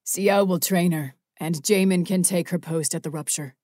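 A calm male leader of a winged band, giving orders in a measured, authoritative way, as a woman reader puts him on. The voice sits lower than her own. The audiobook recording is dry and close. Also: no room sound, natural voice. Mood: firm.

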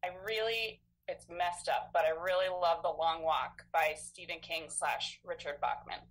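A woman in her thirties, an animal control officer, answering interview questions in a friendly, measured way. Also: lowish voice, poor audio. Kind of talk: casual interview chat.

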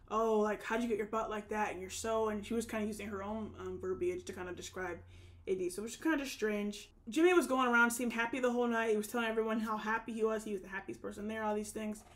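Chatty young woman recapping casually. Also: medium pitch. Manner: chatty, lots of "like" and "um", frequent restarts. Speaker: recap vlogger. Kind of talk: casual reality TV recap chat.

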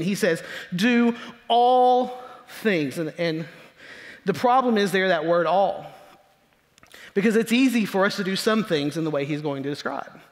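A man preaching a sermon as pastor, leaning hard on key words and slowing down to stress them, sometimes dropping into a low mutter to mimic complainers. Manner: emphatic preaching with slow drawn-out stresses. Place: church sanctuary. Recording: long church hall reverb.

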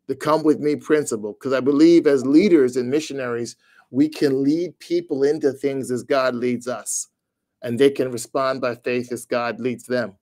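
A man's voice: medium pitch, normal speed. Emphatic man talking about mission work. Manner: energetic, emphatic repetition. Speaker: missionary leader. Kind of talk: conversational ministry talk.

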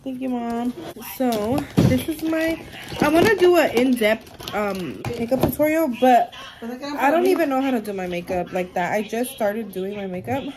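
A woman's voice: on the high side, normal speed. A young woman chatting casually to her camera in a vlog, full of "like" and "um". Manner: chatty, fillers like "like" and "um". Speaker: vlogger. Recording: noisy background.

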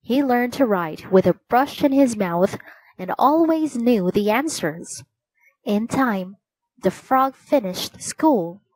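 Slow, clear storybook narrator, a woman. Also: a little high, expressive, a little mellow, dry recording, low-quality recording. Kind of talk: storybook reading.

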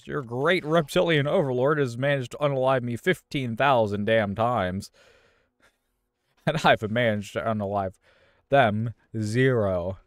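A man's voice: medium pitch, measured pace, no room sound. A man giving profane, exasperated gameplay commentary and taunting game enemies aloud. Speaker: gaming YouTuber.

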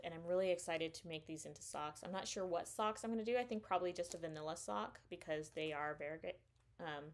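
A woman with a somewhat low voice chats casually as the host of a knitting podcast. She rambles enthusiastically, with plenty of fillers and little self-corrections, showing her purchases one by one. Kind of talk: casual show-and-tell chat.

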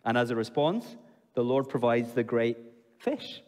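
A man preaching a sermon in an expressive way, asking the congregation questions and dropping low and slow for emphasis. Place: church hall. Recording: long hall reverb.

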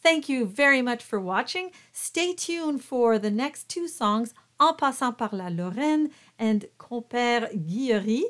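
A woman coaching choirs on French diction, demonstrating each word slowly and carefully, then signing off warmly to her viewers. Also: on the high side. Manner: friendly sign-off to viewers. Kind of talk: diction lesson.

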